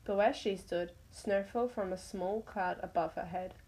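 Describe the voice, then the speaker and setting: A woman's voice: mid-range voice, unhurried, dark tone, low-quality recording. A woman reading her own animal story aloud, stumbling over words now and then.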